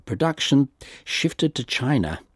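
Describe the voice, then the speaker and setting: A man's voice: mid-range voice, sing-song, unhurried, husky, no room sound, clean studio sound. A man voicing a polite, deferential male aide in a story reading.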